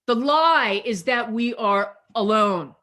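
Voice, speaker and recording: A woman pastor preaching a sermon over a video call, deliberate and repetitive, drawing out her key phrases for emphasis. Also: fairly high pitch, fairly bright tone.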